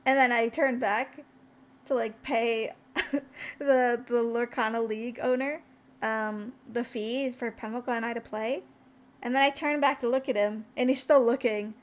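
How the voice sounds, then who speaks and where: A young woman with a high voice tells a rambling story on her stream and sounds tired. She jumps up in pitch whenever she acts out what someone said. Her telling is chatty and animated. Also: unhurried. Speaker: VTuber streamer.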